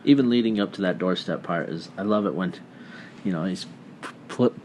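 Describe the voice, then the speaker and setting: A man's voice: sits low, brisk, darkish tone, a little hiss or hum. A man in a casual movie chat who laughs along and mostly adds short agreeing replies.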